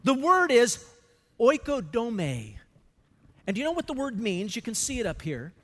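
High-voiced man preaching in a reverberant hall. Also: very animated, fast, a bit bright. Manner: emphatic, asks the congregation questions and has them fill in words. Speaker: pastor. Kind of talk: sermon.

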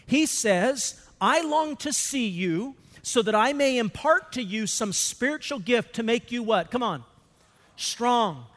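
Man, pastor, sermon, high pitched, emphatic, call-and-response questions, hall reverb. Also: lively intonation, measured pace, hardly any pauses, a bit bright. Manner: emphatic, asks the congregation questions and has them fill in words.

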